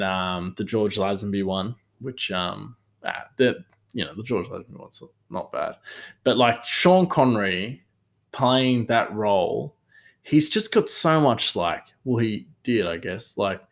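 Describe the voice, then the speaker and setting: A man's voice: fairly low pitch, unhurried. A man hosting a solo talk show, rambling casually with many fillers and restarts. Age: adult father. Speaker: podcast host.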